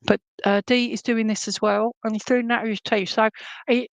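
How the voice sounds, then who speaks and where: A woman giving live psychic readings to viewers, chatty and animated, humming tunes and relaying messages as she goes. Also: a little high, normal speed, vocal fry, no room sound.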